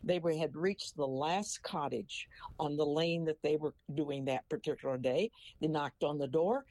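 A man's voice: fairly high pitch, moderate pace, darkish tone, no room sound. A man in his eighties from Missouri, chatting in a folksy way and telling an old joke that leads into a moral. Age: 80s. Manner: folksy storyteller who ends a joke with a moral. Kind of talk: casual chat.

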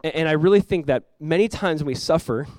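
A young man preaching a sermon as pastor, in a loose conversational way, peppered with "like" and quick acted-out quotes of Jesus and the disciples. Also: on the high side, darkish tone, no echo.

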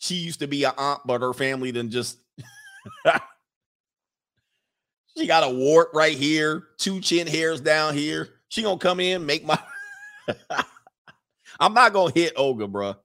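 Gravelly, laughing man riffing with slang. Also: a little high, a little slow, pauses often, fairly bright tone. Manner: laughs often, slangy and crude. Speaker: streamer reading viewer comments. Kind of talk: casual comedic riffing.

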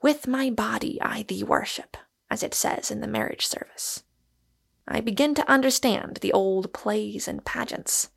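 Woman voicing a reflective witty gentleman, lecturing tone, gravelly, storybook. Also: on the high side, measured pace, full character voice. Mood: musing. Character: musing, witty gentleman explaining a theory.

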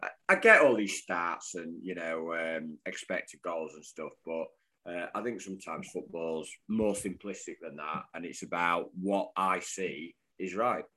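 A lower-voiced man co-hosting a podcast, trading casual banter and teasing his co-host. He often lets his voice drop low and quiet as he talks his opinions through. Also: a little slow. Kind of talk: casual chat.

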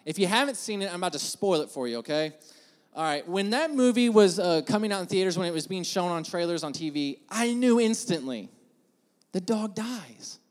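A man's voice: high voice, expressive, fairly quick. A man preaching a sermon in a casual, joking storytelling way, speaking in a church sanctuary. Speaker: pastor. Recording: long hall reverb in a church.

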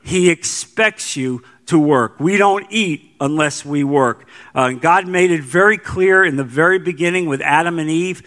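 A middle-aged pastor delivers a sermon in a high, bright voice. He leans on repeated phrases and slows down to stress key lines.

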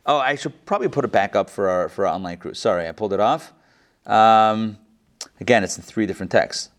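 A man's voice: fairly low pitch, a little fast. A man leading a class through a text, joking with the group and asking them for questions while an online audience follows along. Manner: animated, joking, asks the group many questions. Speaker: teacher leading a text study. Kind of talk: interactive class discussion.

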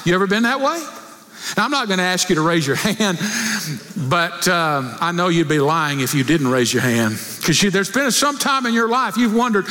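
Animated high-voiced male preacher in a hall. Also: moderate pace. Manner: animated, voicing prayers and rising to near shouts. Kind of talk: sermon.

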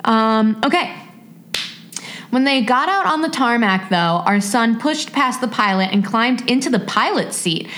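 A woman co-hosting a podcast, reading a listener's story aloud with expressive, emotional reactions. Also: on the high side, unhurried. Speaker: podcast co-host. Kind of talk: reading listener stories aloud, casual chat.

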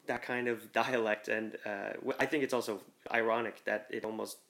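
A man talking as a guest on a podcast, telling things in a relaxed, amused way. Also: lowish voice, normal speed. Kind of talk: casual chat.

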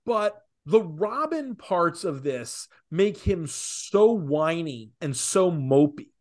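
A man co-hosting a casual podcast, talking opinionatedly with rapid asides. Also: a little high, big pitch swings, darkish tone. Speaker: podcast co-host. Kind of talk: casual comics podcast chat.

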